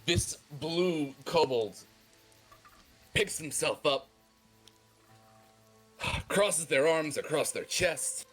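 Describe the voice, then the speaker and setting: A man narrating as game master of a tabletop game, descriptive and playful, slowing down for dramatic detail. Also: medium pitch, a bit bright.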